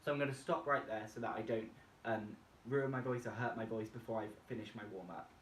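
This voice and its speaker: Man explaining vocal warm-ups, echoey room. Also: on the low side, brisk, a little hiss or hum. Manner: explains each step plainly. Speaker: singing tutorial presenter. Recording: echoey room, distant mic, faint music. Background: faint backing music from a laptop.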